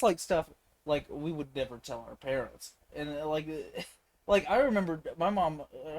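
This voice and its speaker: A young man co-hosting a casual podcast, joking, swearing and acting out stories. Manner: joking, acts out quotes in high voices, swears. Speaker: podcast co-host. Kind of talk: casual chat.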